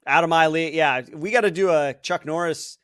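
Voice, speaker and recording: A man's voice: fairly high pitch, fairly quick, a bit bright, smooth, no room sound, studio quality. A man co-hosting a podcast, guessing movie quotes, thinking aloud, hesitant, laughing easily. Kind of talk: casual podcast chat.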